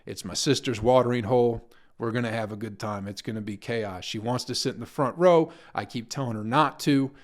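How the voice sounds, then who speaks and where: A young man talks in a loose, rambling podcast monologue, cursing often and cracking himself up. His voice sits in a middle pitch, neither high nor low, and his delivery is offhand and conversational, like a comedian riffing on his week. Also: brisk. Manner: profane, laughs at his own stories.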